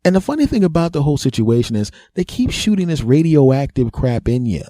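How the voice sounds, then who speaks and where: Middle-aged guy doing a goofy self-roasting story, mellow voice, dry sound. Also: medium pitch, sing-song, brisk, dry recording. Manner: self-mocking, boastful, laughs at own jokes. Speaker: comedy podcast host. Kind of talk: comic storytelling monologue.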